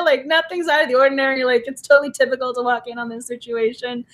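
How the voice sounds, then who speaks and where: A woman's voice: high voice, fairly even intonation, fast, few pauses, a bit bright. A woman co-hosting a casual book discussion, gushing and laughing often as she talks. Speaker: book podcast co-host.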